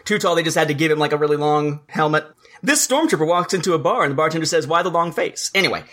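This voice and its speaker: A man's voice: a little high, animated, very fast, a bit bright. A man co-hosting a casual podcast, chatting about a comic book and reading its dialogue aloud with a bit of acting. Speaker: podcast co-host.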